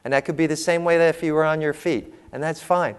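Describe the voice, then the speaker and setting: A man telling humorous, animated parenting stories to an audience as a panel speaker. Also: on the high side, fast, clean tone. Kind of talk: storytelling talk to an audience. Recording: long hall reverb.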